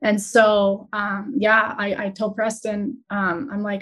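A woman entrepreneur talking openly as a guest, retelling a stressful stretch in an earnest, emotional, halting way. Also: medium pitch, monotone, a bit bright. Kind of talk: candid conversational storytelling.

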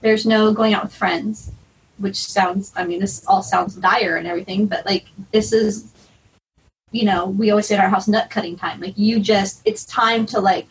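A woman's voice: medium pitch, fairly even intonation, moderate pace, distant mic, poor audio. A woman speaking in a conversational interview as a karate student and mother, matter-of-fact and practical. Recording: off-mic with faint room noise.

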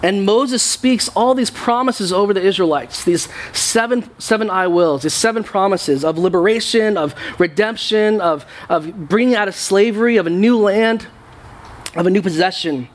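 A young man preaching to his congregation with a noticeably high voice. He talks the sermon through like a conversation and often restarts his phrases. It sounds like a church service. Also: normal speed. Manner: conversational preaching with frequent repeated words. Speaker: pastor. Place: church sanctuary.

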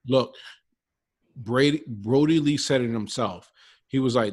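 A man talking casually about wrestling as a podcast co-host, animated and rambling, often repeating himself. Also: mid-range voice, a little slow, long pauses.

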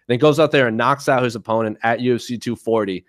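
A man's voice: medium pitch, quick pace, dry recording, clean studio sound. A man co-hosting a casual chat podcast, talking enthusiastically and jokingly with lots of fillers. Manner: enthusiastic, jokey, many fillers. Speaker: podcast co-host.

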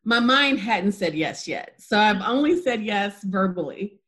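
A woman as an interview guest, telling a personal story in a lively way, acting out dialogue and laughing easily. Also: measured pace. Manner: animated storyteller, acts out dialogue with lively pitch jumps. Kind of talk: casual testimony interview.

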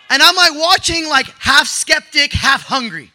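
Excitable young male storyteller, high-pitched and piercing, slangy, shouts at peaks. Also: fairly quick, few pauses. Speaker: storyteller sharing a testimony. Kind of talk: animated personal testimony.

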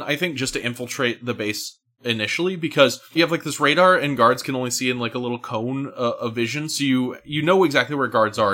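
A man co-hosting a casual podcast conversation, talking in an animated, emphatic way. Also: mid-range voice. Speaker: podcast co-host. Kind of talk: casual chat.

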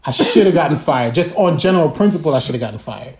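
A man telling a profane, animated story as a guest on a video call, acting out voices and drum sounds. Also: fairly high pitch, fast, echoey room.

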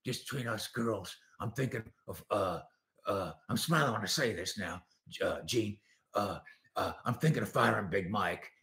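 A man voicing an older male team owner who talks in a halting way, full of drawn-out uhs. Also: on the low side, vocal fry, a bit bright, echoey room, pitched below the performer's own voice. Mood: sly.

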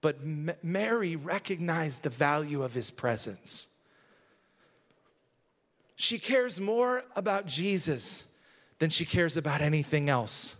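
A man's voice: fairly high pitch, lively intonation, slow, long pauses, a bit bright. A male pastor giving a conversational sermon that builds to emphatic moments, recorded in a church sanctuary. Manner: conversational preaching, rising to emphatic. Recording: long hall reverb.

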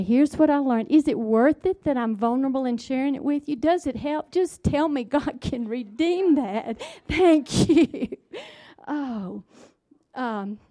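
A middle-aged woman giving a devotional talk, telling a personal story that drops to hushed tones and builds to emphatic points. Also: fairly high pitch. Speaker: speaker.

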